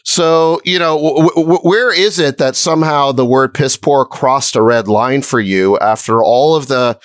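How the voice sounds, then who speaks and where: A man's voice: medium pitch, unhurried, clear, resonant tone, no room sound, clean studio sound. A middle-aged man co-hosting a podcast, needling and mocking his fellow host. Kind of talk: podcast argument.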